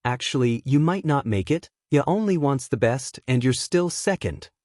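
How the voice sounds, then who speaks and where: A man's voice: mid-range voice, animated, normal speed, darkish tone, dry recording, voice pushed up, close to an everyday voice. A man voicing a cocky ten-year-old boy who brags to his rival, with a smug, teasing manner, in a dry-sounding storybook reading. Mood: boastful.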